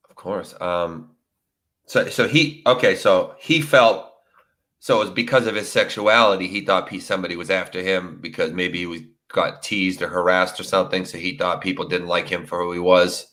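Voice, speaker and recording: Guy hosting a true crime livestream, kinda low but bright voice, chatty with lots of fillers. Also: fairly even intonation, moderate pace. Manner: casual, filler-heavy, sympathetic. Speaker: true crime show host. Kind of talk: live stream interview.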